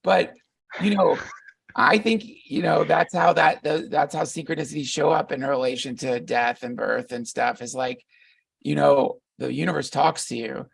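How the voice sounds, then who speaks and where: A man's voice: on the high side, normal speed, gravelly, husky, no echo, distant mic. A middle-aged man talking as a podcast guest, reflective and meandering, often restarting his sentences. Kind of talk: casual conversation.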